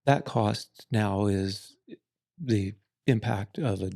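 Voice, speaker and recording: A man co-hosting a podcast, explaining things in a measured, casual way. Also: fairly low pitch, gravelly, dark tone. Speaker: podcast co-host. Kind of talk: casual conversation.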